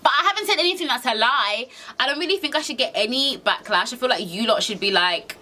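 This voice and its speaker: A young woman vlogger talks straight to camera in a sassy, slang-heavy rant. Her voice is bright and swings widely up and down as she gets worked up. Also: high-pitched, animated, fast talker, slight background noise.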